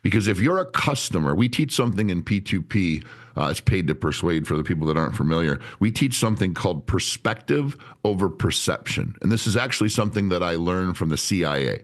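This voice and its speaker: A man talking as a sales trainer guest in a podcast interview, blunt and animated, swearing freely. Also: low-pitched, a little fast. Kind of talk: candid interview talk.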